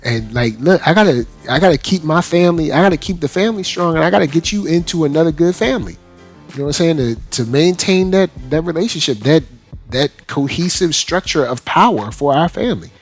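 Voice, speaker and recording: A man hosting an anime review show in casual, slangy commentary, animated and laughing often. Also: on the high side, brisk, soft background music.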